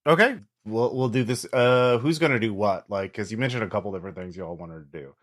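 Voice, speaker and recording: A man with a low voice runs a tabletop game, narrating in a loose, chatty way full of "uh"s and "like"s. He sets scenes and calls for dice checks. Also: quick pace. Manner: loose and conversational, many fillers. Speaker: game master.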